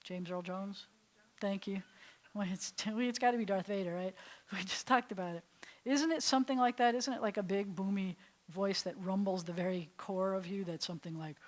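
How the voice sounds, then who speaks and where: A woman rabbi teaching a Hebrew class, explaining with enthusiasm and often dropping to soft, breathy whispers for emphasis. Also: mid-range voice, brisk, low-quality recording. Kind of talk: classroom lesson. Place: synagogue classroom.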